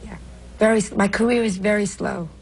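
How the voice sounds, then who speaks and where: A woman's voice: mid-range voice, steady tone, brisk, creaky, husky, low-quality recording. An older woman, a comedian with a New York accent, telling stories in an interview with brash, self-mocking asides. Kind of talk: interview storytelling.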